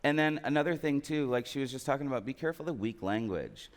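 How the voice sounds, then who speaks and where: A man's voice: mid-range voice, expressive, fast talker. Joking male trainer in a big echoing hall. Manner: joking, asks the crowd questions. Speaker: sales trainer. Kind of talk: conference stage talk. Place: large conference hall. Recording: long hall reverb.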